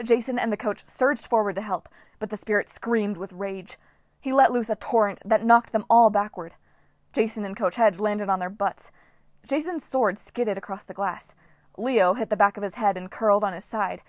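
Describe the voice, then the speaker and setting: A woman's voice: medium pitch, dry recording. Woman reading an audiobook, dry close sound. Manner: lively, dramatic reading. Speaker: audiobook narrator. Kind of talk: scripted narration.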